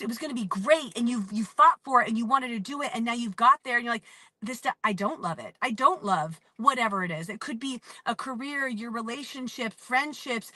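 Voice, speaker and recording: A woman in her thirties telling a personal story as a motivational talk, animated and emphatic, acting out the lines of the people in it. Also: a little high, no echo. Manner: animated, acts out quotes, emphatic. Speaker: motivational speaker. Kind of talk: storytelling monologue.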